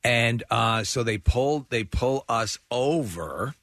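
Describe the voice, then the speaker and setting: A man's voice: medium pitch, takes it slowly. A man hosting a radio show, telling stories in casual banter and laughing often. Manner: animated storyteller who laughs often.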